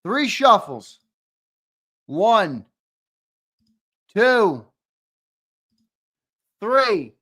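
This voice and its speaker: A young man hosts a casual live-stream giveaway, joking with viewers and ribbing them by name. His voice sits somewhat high, and he takes his time with each line. He punches out loud countdowns and drops into mumbled asides. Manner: playful, teasing banter that swings between loud hyped countdowns and low mumbled asides. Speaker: show host running a live-stream giveaway.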